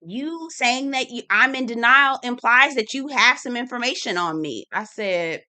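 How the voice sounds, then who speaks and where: A woman with a bright, forceful voice runs a chatty recap. She is sassy and teasing and talks straight to her viewers. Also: on the high side, moderate pace, clean tone. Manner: sassy, calls viewers "y'all" and "girl"; laughs and teases, animated. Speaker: reality TV recap host. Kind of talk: chatty commentary video.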